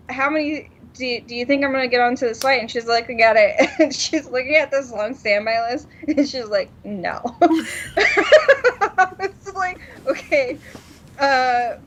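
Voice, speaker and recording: A woman co-hosting a podcast, telling a story in casual chat, laughing often and acting out what people said. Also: medium pitch. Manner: animated, laughs often, acts out quotes. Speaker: podcast co-host. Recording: dull lo-fi sound.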